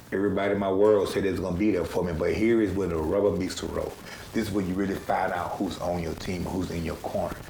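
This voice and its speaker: A man's voice: low voice, gravelly, a little mellow, slight background noise. A man earnestly telling his own life story in a casual, emotional, conversational way. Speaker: storyteller recounting own experience. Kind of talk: casual personal testimony. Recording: roomy echo.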